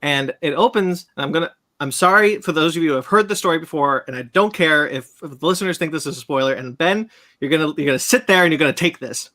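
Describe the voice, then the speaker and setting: A man's voice: a little high, fast talker, bright, forceful tone. A man hosting a casual podcast chat, ranting animatedly and swearing as he recaps a film. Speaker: podcast host.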